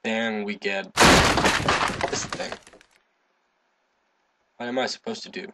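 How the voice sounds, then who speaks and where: A man giving casual gameplay commentary, excitable, swearing, humming to himself and breaking into sudden high yelps. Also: slow pace, very noisy. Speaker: gaming video host.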